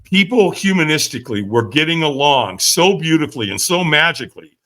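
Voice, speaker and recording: A middle-aged man telling a story with lots of life, his voice rising and falling widely. His tone is bright and forceful, and he keeps adding quick asides to the listener as he acts out the scenes. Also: a little high, very animated. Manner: vivid storyteller, frequent "right?" asides, acts out quotes. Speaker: podcast guest, firewalk instructor. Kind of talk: animated storytelling in an interview.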